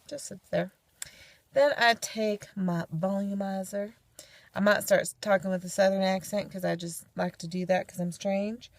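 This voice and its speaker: A woman's voice: mid-range voice, moderate pace, vocal fry, a little mellow, no echo. A young woman from California giving a casual how-to tutorial at home, chatty and homey with playful asides. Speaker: vlogger demonstrating head covering.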